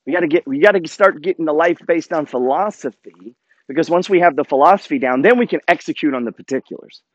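Middle-aged male creator, confrontational and profane, slightly high voice, dry close sound. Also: quick pace, no room sound, muffled recording. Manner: profane, confrontational, swings between loud and low. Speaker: finance content creator. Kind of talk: blunt motivational rant.

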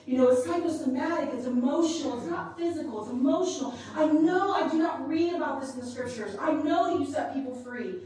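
Fervent woman preacher with a high voice, heard from afar in a booming hall; testimony sermon. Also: brisk, few pauses, recorded from a distance. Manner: impassioned, rising from hushed to loud and fervent. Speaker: women's ministry leader preaching. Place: large conference hall. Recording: echoey hall, recorded from afar.

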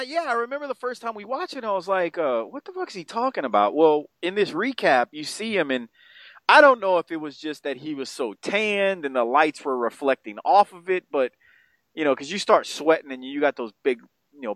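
A man co-hosting a podcast in casual chat, rambling and profane, his voice jumping up in pitch when he gets excited. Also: dry recording. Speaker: podcast co-host.

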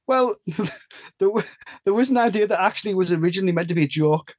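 English male podcast host, rambling chatty delivery, a bit high, dry close sound. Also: quick pace, a little mellow, no room sound. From England. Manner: chatty, rambling, self-interrupting. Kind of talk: casual chat.

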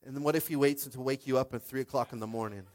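A male pastor giving a lively, conversational sermon, often calling out to the congregation and swinging between hushed and shouted lines. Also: medium pitch, rapid-fire.

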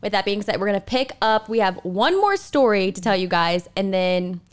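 A woman's voice: medium pitch, animated, normal speed, clear, resonant tone. A young woman co-hosting a podcast, chatting in a bubbly, gossipy way with frequent giggles. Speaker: podcast co-host. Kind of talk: casual chat.

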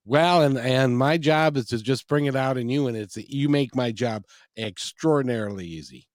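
A man's voice: mid-range voice, normal speed, no room sound, clean studio sound. A man hosting an interview, speaking in an encouraging, praising way. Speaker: interview host.

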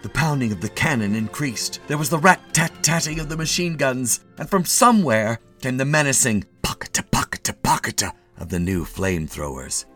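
A man reading a short story aloud in an expressive, measured way. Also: mid-range voice, faint music behind. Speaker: narrator.

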